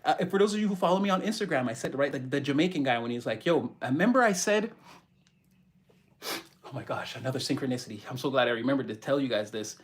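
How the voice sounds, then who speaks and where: A man's voice: mid-range voice, racing. A man giving a channeled spiritual tarot reading who keeps repeating his key phrases for emphasis. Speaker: tarot reader.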